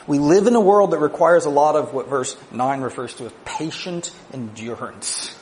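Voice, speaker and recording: A man preaching a sermon, moving between quiet, low asides and raised, emphatic declarations, with conversational "right?" asides. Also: moderate pace, few pauses, a little hiss or hum.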